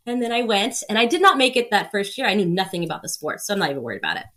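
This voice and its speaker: A woman's voice: mid-range voice, big pitch swings, racing, fairly bright tone. A woman in her thirties, a podcast guest telling stories with energy, laughing often and acting out the people she quotes. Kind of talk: casual storytelling.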